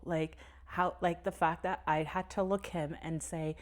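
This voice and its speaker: A young woman with a low, grounded voice talks on a casual podcast. She tells a personal story candidly, swears freely and laughs nervously now and then. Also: fairly even intonation, a little slow. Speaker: podcast co-host. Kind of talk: casual conversation.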